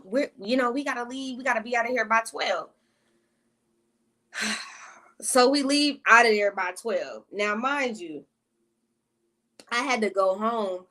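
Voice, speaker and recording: A woman vlogger telling a casual storytime, profane and exasperated, with slangy asides and quick greetings to her viewers. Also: mid-range voice, a bit bright.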